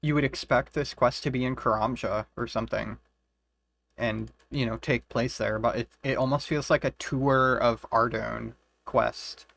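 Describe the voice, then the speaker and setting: A man's voice: mid-range voice, steady tone, a little slow, creaky, fairly bright tone. A man casually commenting on a game he is playing, swearing freely and reading the quest guide aloud. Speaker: game streamer. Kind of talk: casual let's-play commentary.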